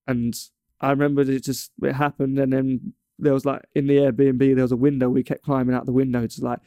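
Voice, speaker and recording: Young english guy rambling through a story, warm low-key tone, dry close sound. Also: flat delivery, fairly quick, no echo. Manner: rambling, stumbles and restarts often. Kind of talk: casual chat.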